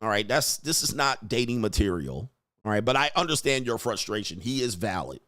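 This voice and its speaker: A man's voice: lowish voice, animated, brisk, a bit bright, no echo, studio quality. A man hosting a reaction commentary show, mocking and lecturing the people in the clips he plays, often laughing. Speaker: commentary channel host.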